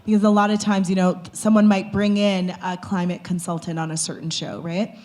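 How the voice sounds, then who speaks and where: A woman's voice: medium pitch, level tone, brisk, darkish tone. A woman speaking as a panelist in a casual discussion, chatty and loose with lots of filler words. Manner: conversational, many fillers like "like" and "you know".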